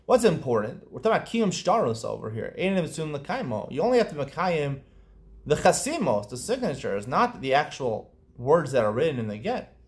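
A man teaching a Talmud lesson, explaining quickly and lifting into a chanting lilt on quoted Aramaic, with frequent restarts. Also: on the high side, big pitch swings. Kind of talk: daf yomi study lesson.

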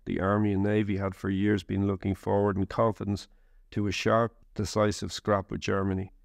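A man narrating a first-person war memoir in a measured, steady reading. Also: on the low side, vocal fry, dry recording, clean studio sound.

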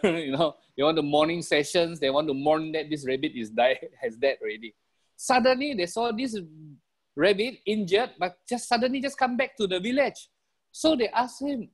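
Animated Malaysian-accented man giving a motivational talk. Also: on the high side. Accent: Malaysian English. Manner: animated storyteller, chuckles, repeats key phrases. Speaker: motivational business trainer. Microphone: video call.

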